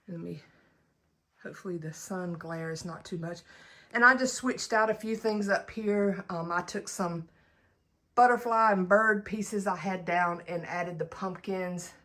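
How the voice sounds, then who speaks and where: With a lowish, fairly bright voice, she talks unhurriedly in a steady tone, her Southern drawl giving the home decor tour a folksy, chatty feel. She holds the camera and stays off-screen, laughing easily as she shows her living room.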